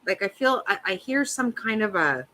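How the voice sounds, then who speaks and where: Fifty-something woman on a live chat, cussing and blunt, voice jumps up and down a lot, bright tone. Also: mid-range voice, expressive, moderate pace, rough recording. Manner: blunt, profane, answers viewers' comments. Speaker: livestream host. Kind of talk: casual live chat reacting to a trial.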